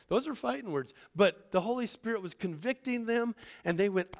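A man's voice: high-pitched, animated, normal speed, hardly any pauses. A man teaching a Bible lesson in an informal sermon style, talking conversationally and acting out the people he quotes. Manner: conversational, acts out quoted voices.

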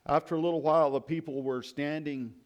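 A man's voice: a little high, fairly even intonation, brisk. Man reflecting while reading scripture. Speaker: preacher.

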